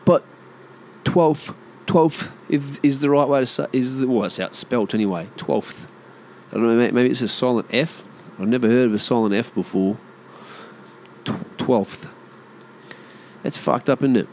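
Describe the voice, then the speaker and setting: A man's voice: medium pitch, fairly quick, a little mellow, slight background noise. Rambling, profane Australian man. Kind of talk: casual monologue.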